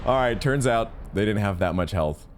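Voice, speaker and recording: A young man giving emotional live commentary on a video game, exclaiming often and reading game text aloud slowly. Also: fairly low pitch, animated. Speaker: let's play gamer. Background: game music.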